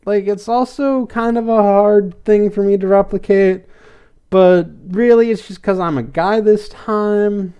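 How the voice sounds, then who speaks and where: A man's voice: high-pitched, steady tone, a little slow, mellow, clean tone. A man hosting a podcast, casually recapping a cartoon episode, rambling and repeating fillers as he goes. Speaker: podcast host.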